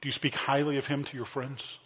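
A pastor with a husky, fairly bright mid-range voice speaks a little fast and with little pitch movement. His sermon is humorous, and he playfully teases and calls out to the people in the pews. It's a dull, echoey recording made in a church sanctuary.

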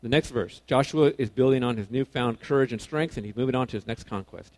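Guy preaching a laid-back sermon to young people, mid-pitched voice, gets loud then drops quiet, keeps correcting himself. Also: fast talker. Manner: animated, swings between loud emphasis and quiet asides; casual, self-correcting, informal phrasing.

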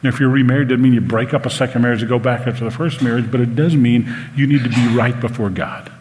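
A man's voice: medium pitch, fairly even intonation, fast, noisy background. Preacher guy in his 60s, heartfelt stories, stumbles a bit, big reverby sanctuary. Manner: earnest storytelling, emotional, some stammered restarts. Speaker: pastor. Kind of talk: sermon. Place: church sanctuary. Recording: live sermon with long hall reverb.

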